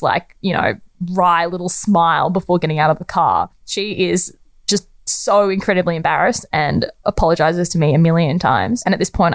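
A woman's voice: on the low side, no room sound. A young woman telling a personal anecdote in a chatty, conversational way, laughing often. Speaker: storyteller.

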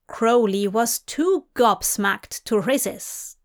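A woman reading a story aloud in an unhurried, even narration. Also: fairly high pitch. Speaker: fanfiction reader. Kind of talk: audiobook narration.

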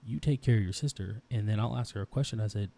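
A man in his thirties, co-hosting a casual podcast, talks fast and intensely about his daughters, rambling and restarting often. His voice sits on the low side, with vocal fry and a warm tone.

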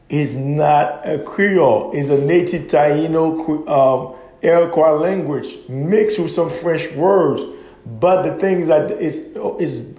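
A man with a somewhat high voice holds forth in an opinionated monologue. He argues insistently and drives his points home through repetition. His voice rings with the echo of a roomy space. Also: dark tone. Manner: emphatic, argumentative, repeats points.

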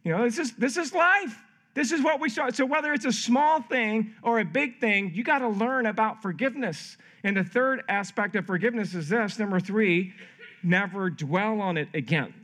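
A middle-aged man preaching a sermon as pastor at a camp, lively and acting out quoted voices. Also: sits high, normal speed. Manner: animated, acts out quoted voices. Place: camp meeting hall.

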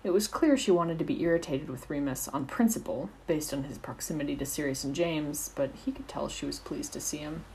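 Low, mellow woman reading a story. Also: brisk, vocal fry, few pauses, a little hiss or hum, low-quality recording. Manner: steady, expressive storytelling. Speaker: narrator. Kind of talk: reading fan fiction aloud.

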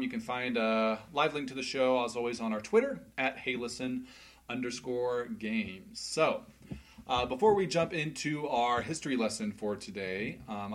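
A man's voice: mid-range voice, fairly bright tone, slight background noise. A man hosting a casual gaming podcast, chatting loosely with lots of fillers and restarts and laughing easily. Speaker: podcast host.

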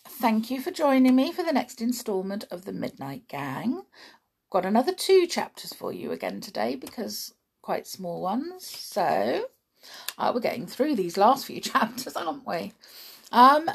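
A woman's voice: fairly high pitch, creaky, breathy edge. A woman reading a children's book aloud, chatting in a friendly way between chapters. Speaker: audiobook reader.

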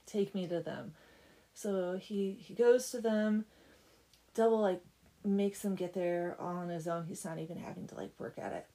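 A woman's voice: mid-range voice, fairly even intonation, normal speed, warm tone, low-quality recording. A woman casually retelling a folk tale, chatty and full of "like". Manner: chatty, peppered with "like". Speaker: storyteller.

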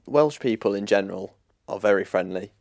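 A man's voice: fairly low pitch, fairly quick, vocal fry, darkish tone, no echo. Laid-back young man, Leicester accent. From England. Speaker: podcast co-host. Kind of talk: casual chat.

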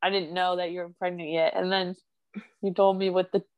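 A woman's voice: on the low side, level tone, lo-fi sound. Chatty emotional woman. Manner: chatty and emotional, quick bursts of speech. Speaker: friend and mother. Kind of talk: casual chat.

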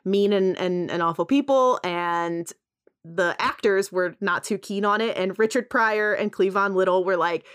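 A woman's voice: mid-range voice, unhurried, a bit bright, clear, resonant tone. A woman in a casual podcast chat, animatedly retelling a film and acting out quoted lines between laughs.

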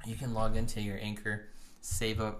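A man's voice: monotone, moderate pace, background noise. A man co-hosting a casual podcast, rambling with lots of "like" fillers, recorded on a phone mic. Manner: rambling, loose, many "like" fillers. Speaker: podcast co-host. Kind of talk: casual chat. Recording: iPhone mic, low production.

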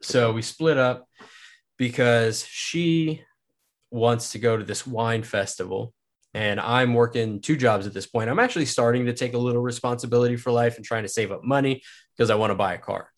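A man's voice: mid-range voice, moderate pace. A young man from Kansas, a podcast guest, telling a personal story in a casual, rambling way, full of filler words and swearing.

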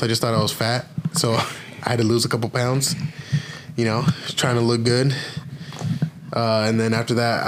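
A man's voice: mid-range voice, slight background noise. Rambling young man co-hosting a podcast. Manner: rambling, hesitant with many fillers. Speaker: podcast co-host. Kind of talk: casual chat.

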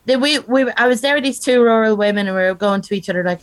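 A young Irish woman from the countryside telling a comic story in casual chat, animated and often laughing as she goes. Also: on the high side, a little fast. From rural Ireland.

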